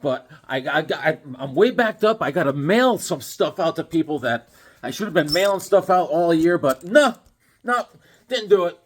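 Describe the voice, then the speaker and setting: A man's voice: fairly high pitch, lively intonation, moderate pace. A man hosting his own comic book channel, chatting in a jokey, rambling way. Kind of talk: casual chat.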